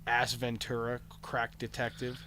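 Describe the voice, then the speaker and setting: A man's voice: medium pitch, a little slow, a little hiss or hum. A young man with a Pittsburgh accent, co-hosting a podcast and trading crude jokes. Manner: joking, lively, slips into mock British voice. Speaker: podcast co-host. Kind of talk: crude casual banter.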